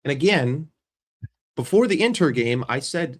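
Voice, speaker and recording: A man's voice: mid-range voice, lively intonation, unhurried, long pauses. A man ranting as a football fan vlogger, blunt and sarcastic, with swearing and repeated phrases. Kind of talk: casual fan rant to camera.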